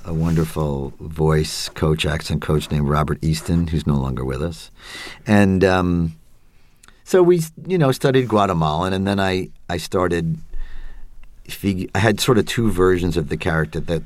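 A man's voice: sits low, animated, a little slow, no echo. A middle-aged male actor, a guest in an interview, talking reflectively and hesitantly, with plenty of fillers. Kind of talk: casual interview talk.

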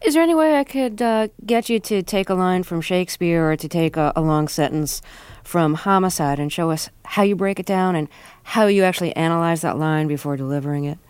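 A woman's voice: lowish voice, fairly quick, darkish tone, clear, resonant tone, no echo. A woman hosting a radio interview, asking curious, probing questions. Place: radio studio. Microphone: studio mic.

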